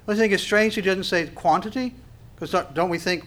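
A man delivers a sermon in a high, ringing voice. He preaches with passion, dropping into short acted-out exchanges between God and his listeners. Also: animated, fairly quick, fairly bright tone. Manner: impassioned, acts out dialogue with God.

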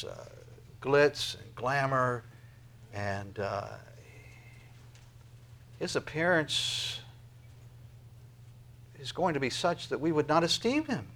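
A man preaching a sermon, talking to the congregation with rhetorical questions and swinging from loud emphasis to near whispers. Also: medium pitch, lively intonation, slow, long pauses. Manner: emphatic preaching with sudden loud peaks and quiet drops. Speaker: pastor.

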